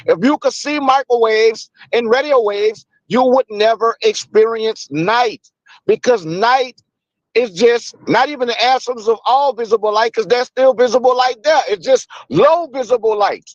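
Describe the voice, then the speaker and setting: A man's voice: extremely high pitch, measured pace, no echo, highs cut off. A man in a heated casual debate, explaining at length and refusing to be cut off.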